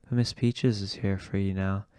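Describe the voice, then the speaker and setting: A gentle, comforting woman speaks very softly and soothingly, as a man reads her lines. The voice is low, even and smooth, recorded dry and close. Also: moderate pace, dry recording, natural voice. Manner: very soft, soothing. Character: gentle, comforting older butch-loving trans woman.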